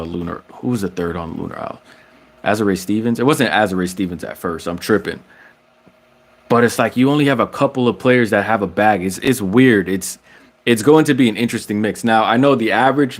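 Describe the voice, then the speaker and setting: Slangy man riffing on basketball. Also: mid-range voice. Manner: slangy, frequent restarts, rising when excited. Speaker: basketball commentator vlogger. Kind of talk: casual opinion vlog.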